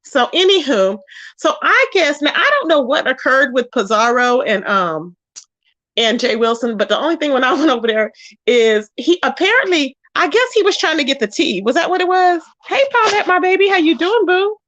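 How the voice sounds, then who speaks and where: Very animated and high-pitched, this YouTube commentary host's fairly bright voice moves at a normal speed over a dry recording. She runs a casual gossip stream, sassy and blunt, scolding her subjects, greeting viewers by name, and repeating "child, okay?".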